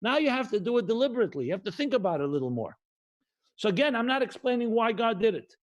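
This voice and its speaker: A middle-aged man from the United States, a rabbi giving a livestreamed sermon, who repeats key phrases and slows down to stress them. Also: extremely high pitch, sing-song. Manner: emphatic, repetitive cadence, mixes Hebrew and Yiddish terms.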